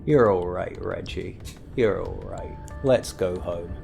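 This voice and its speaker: Man doing a frontier gunman, quiet drawl, gravelly, low-pitched. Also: slow, soft background music, exaggerated voice. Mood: wry. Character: calm menacing frontier gunman, adult man.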